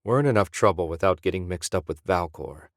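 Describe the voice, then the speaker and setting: A man's voice: sits low, brisk, dry recording, clean studio sound, close to an everyday voice. A man voicing a wary, nervous male sidekick. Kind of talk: audiobook character voice.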